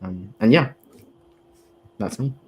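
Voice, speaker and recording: A man on a video call, introducing himself in a relaxed, casual way with many fillers. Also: fairly low pitch, takes it slowly, a little hiss or hum. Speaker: panel guest. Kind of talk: casual chat.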